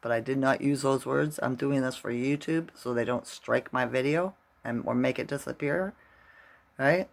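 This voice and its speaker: A man's voice: mid-range voice, creaky. A middle-aged man vlogging casually, rambling through a story and tagging his sentences with "right?".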